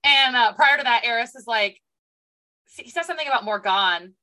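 A young woman co-hosting a book podcast in casual chat, animated and acting out characters' lines. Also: a little high, brisk. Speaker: podcast co-host.

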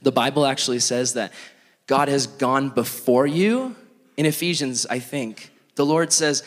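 A male pastor telling a sermon story in an animated, self-mocking way, acting out scenes, in a church hall. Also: mid-range voice, moderate pace. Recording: long hall reverb.

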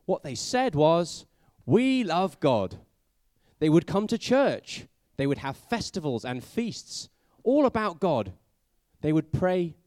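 A man preaching a sermon, telling it like a story and asking his listeners many questions, sometimes dropping to a hushed voice for emphasis. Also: on the high side, no echo, studio quality. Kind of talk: sermon for a family audience.

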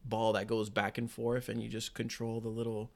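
A man's voice: lowish voice, monotone, normal speed, creaky. A man co-hosting a casual true-crime podcast from a small home loft, rambling loosely with lots of fillers. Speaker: podcast co-host.

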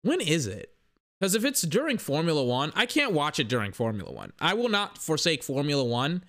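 A man's voice: fairly high pitch, huge pitch swings, a little fast, pushed and bright. A young man in a casual, rambling sports rant that is profane and full of self-corrections.

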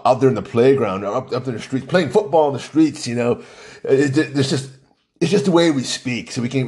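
A man's voice: mid-range voice, darkish tone. A middle-aged man from Hawaii, rambling through a casual monologue full of restarts and fillers.

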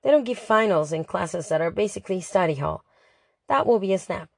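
A woman's voice: lowish voice, animated, brisk, vocal fry, darkish tone, no echo, clean studio sound. Woman narrating a chatty diary. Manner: chatty, dramatic, exasperated. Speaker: audiobook narrator. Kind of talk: first-person diary narration.

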